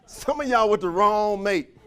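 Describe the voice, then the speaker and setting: Man, high-pitched motivational trainer working a room, folksy, quizzes the crowd constantly. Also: measured pace. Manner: energetic, call-and-response questions to the crowd; folksy, slangy phrasing with frequent laughs. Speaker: motivational trainer for a sales company. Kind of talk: motivational speech to a live audience.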